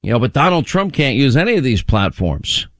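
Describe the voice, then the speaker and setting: Brisk, emphatic male radio host in a dry studio. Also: medium pitch, very animated, no echo. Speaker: radio talk show host. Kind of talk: opinionated talk radio commentary. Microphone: studio microphone.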